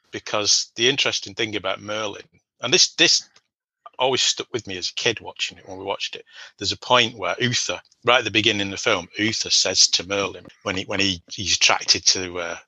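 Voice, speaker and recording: Male co-host, low-ish, very bright forceful voice, chatty, laughs a lot. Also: breathy edge, no echo. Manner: chatty, laughs often, lively. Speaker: podcast co-host. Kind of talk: casual film chat.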